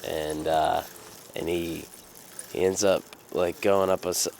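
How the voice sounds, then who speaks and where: A man's voice: low-pitched, fairly even intonation, takes it slowly, vocal fry, darkish tone, a little hiss or hum. A young man casually telling a personal anecdote, rambling with fillers and restarts and swearing freely. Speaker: storyteller.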